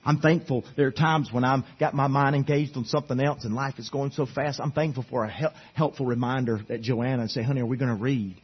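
A man's voice: mid-range voice, fairly even intonation, brisk, hardly any pauses, breathy edge, highs cut off. A middle-aged man preaching a sermon to his church as their pastor, earnest and pleading, urging them again and again. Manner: earnest, pleading, repetitive exhortation. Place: church sanctuary.

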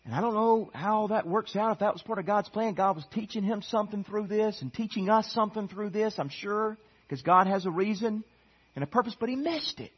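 A man preaching a sermon as pastor, animated, with sudden loud bursts. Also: high voice, breathy edge. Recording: dull lo-fi sound.

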